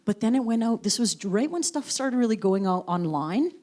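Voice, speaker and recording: A woman's voice: a little high, very animated, moderate pace, darkish tone. A woman who is the guest author at a live onstage talk, telling wry stories casually and laughing as she goes. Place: university event stage.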